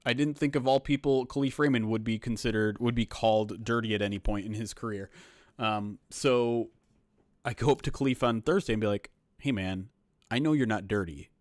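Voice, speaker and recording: A man's voice: medium pitch, fairly even intonation, a little fast, dry recording, studio quality. A man hosting a livestream as a sports reporter, rambling casually with loose swearing.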